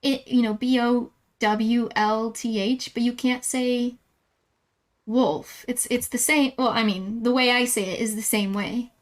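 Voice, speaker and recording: Here a young female streamer talks casually with her audience while playing, giggling, getting flustered and laughing a lot. She's unhurried, her pitch a little high and her intonation fairly even.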